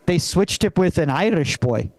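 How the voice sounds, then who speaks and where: A young man from Venezuela doing a live stand-up set in a comedy club. He talks in a halting way, full of fillers and restarts. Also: fairly high pitch, lively intonation, a little mellow, dry recording.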